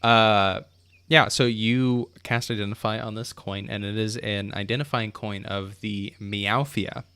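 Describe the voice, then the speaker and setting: A man narrating as game master in a relaxed, descriptive way, heard over a video call. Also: fairly low pitch, measured pace, smooth.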